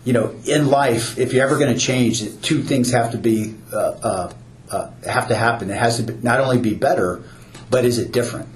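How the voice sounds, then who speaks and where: Chatting earnestly on a casual podcast, this new ice cream stand owner often repeats words at the start of his sentences. His voice is medium-pitched and brisk, and the room sounds roomy, with faint ambience and slight background noise.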